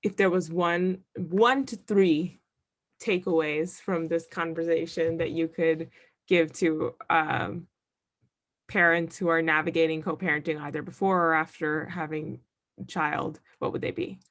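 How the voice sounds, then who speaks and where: Lower-voiced woman hosting a webinar. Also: steady tone, measured pace, a bit bright. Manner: reads out audience questions, thanks the guest. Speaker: webinar host. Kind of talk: moderating a webinar Q&A.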